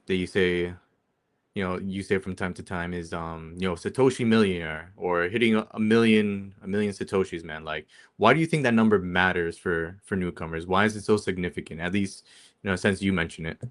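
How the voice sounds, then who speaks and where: Low-voiced host rambling his questions. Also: brisk. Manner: rambling questions full of fillers. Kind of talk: casual interview questions.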